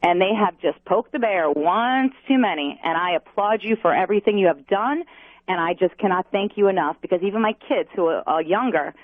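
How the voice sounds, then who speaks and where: A woman's voice: medium pitch, fairly quick, no room sound. A woman from New York calling into a radio show, chatting in a gushing, talkative way. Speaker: caller. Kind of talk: call-in radio chat. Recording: dry phone line.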